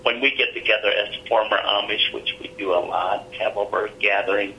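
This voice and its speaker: A man's voice: on the low side, fairly even intonation, a little fast, bright, forceful tone, slight background noise, rough recording. A middle-aged man, an interview guest, telling a personal story in an earnest, plainspoken way.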